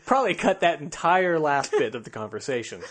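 A man's voice: a little high, sing-song, brisk, a bit bright, slight background noise. A man co-hosting a podcast, bantering casually and laughing often between jokes. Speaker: podcast co-host.

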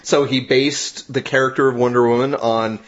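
A man, co-hosting a podcast with deadpan jokes in casual banter. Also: mid-range voice, normal speed, dull audio. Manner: deadpan joking. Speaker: podcast co-host.

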